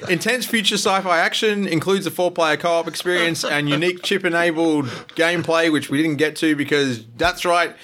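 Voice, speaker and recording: A man's voice: a little high, normal speed, few pauses, a bit bright. Male host, casual podcast game, playful teaser with a ready laugh. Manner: playful, teasing, laughs often.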